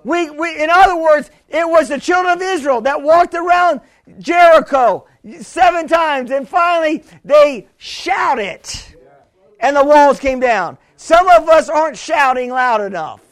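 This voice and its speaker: A man with a strikingly high voice preaching a sermon. He is fervent and rises into shouts, then drops back to a conversational tone, with frequent restarts and calls to the congregation. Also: measured pace.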